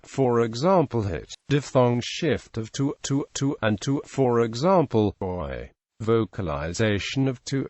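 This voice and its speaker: A man's voice: mid-range voice, darkish tone, dry recording. Dry synthetic male reading voice. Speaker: narrator. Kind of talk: scripted narration of an encyclopedia article.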